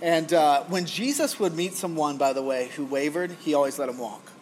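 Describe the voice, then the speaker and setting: A man in his forties delivers a sermon in a high, bright-toned voice. He talks like he's chatting with friends, then throws himself into acting out frantic shouting. A faint noise floor sits under the recording. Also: normal speed. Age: 40s. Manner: animated, acts out the prophets' frantic screaming; conversational, folksy asides. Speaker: pastor.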